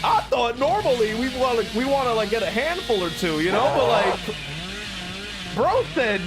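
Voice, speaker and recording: Pitch extremely high and swooping wildly, a young man gives casual live-stream commentary on a game at normal speed. He uses lots of slang, swears heavily and laughs often while loud game music plays.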